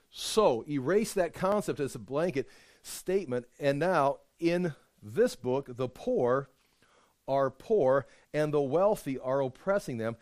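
A man's voice: on the high side, a little mellow, no room sound. Emphatic male Bible teacher, dry close sound. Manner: conversational, emphatic, frequent restarts. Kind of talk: informal Bible study sermon.

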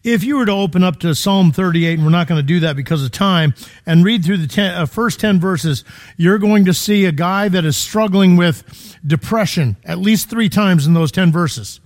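A man's voice: high voice, normal speed. A man preaching a sermon in a conversational, emphatic way, full of rhetorical questions, in a church.

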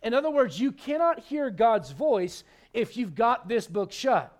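A male pastor preaching a sermon, animated and conversational, with frequent restarts. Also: very high-pitched, unhurried.

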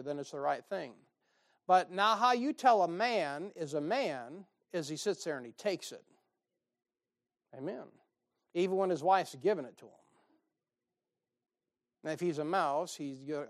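Joking preacher man. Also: a little high. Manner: joking, sarcastic preaching with frequent laughs. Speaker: pastor. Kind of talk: sermon.

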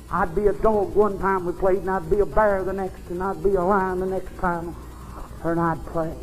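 Fervent high-pitched male preacher. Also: rough recording. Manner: fervent folksy preaching that climbs into shouts. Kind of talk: revival sermon. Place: church service.

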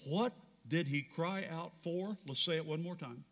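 A man preaching a sermon as pastor, dramatic, swinging between loud declarations and hushed questions. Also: a little high, normal speed, big-room sound.

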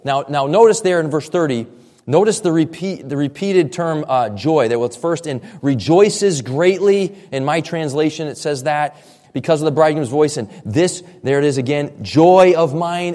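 A man's voice: a little high, darkish tone, in a large hall. A man preaching a sermon, earnest and expository, often repeating points for emphasis. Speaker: pastor.

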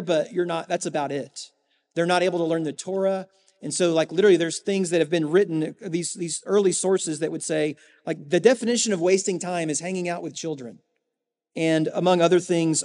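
A man preaching a sermon as a pastor, earnest, with rhetorical emphasis and dramatic pauses. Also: sits high, darkish tone. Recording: long hall reverb.

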